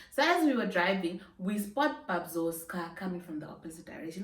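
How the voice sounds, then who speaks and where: A young Namibian woman tells a storytime vlog with animated, slangy energy and bursts of laughter. Her voice rings in a roomy indoor space and sits a little away from the mic. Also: on the low side, a little fast, recorded from a distance. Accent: Namibian English. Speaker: YouTuber. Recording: roomy sound, a bit off-mic.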